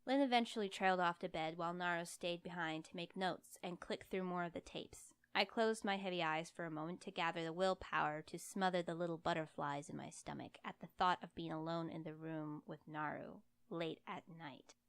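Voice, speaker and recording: Woman narrator for a story, low and smooth, wry and lively. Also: brisk, hardly any pauses. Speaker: audiobook reader. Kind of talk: first-person fiction reading.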